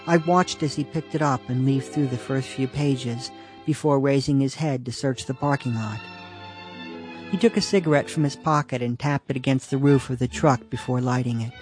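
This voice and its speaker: A man's voice: medium pitch, normal speed, soft background music. A man reading his own humorous personal essay aloud with a dry, understated delivery.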